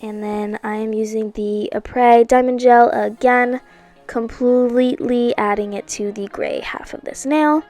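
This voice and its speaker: A woman's voice: on the high side, steady tone, unhurried, no room sound. A woman narrating a nail art video in a chatty, playful way, correcting herself and tossing in asides. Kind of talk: casual voice-over narration. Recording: soft music underneath.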